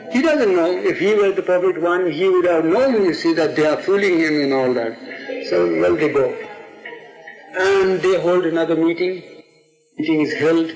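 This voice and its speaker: A man tells a story in a somewhat high voice, wandering into asides and acting out each figure. The recording is old archival tape with a roomy echo. Music plays clearly behind him. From India. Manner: animated, digressive, acts out the quotes. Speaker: storyteller, interviewee. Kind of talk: oral history storytelling.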